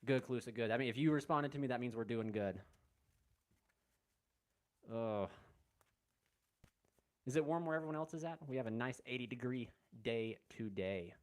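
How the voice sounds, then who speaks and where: A man hosting a casual live stream, greeting chat viewers by name and rambling in a relaxed way from a room at home. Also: medium pitch, moderate pace, pauses often. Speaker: livestream host. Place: room at home with window open.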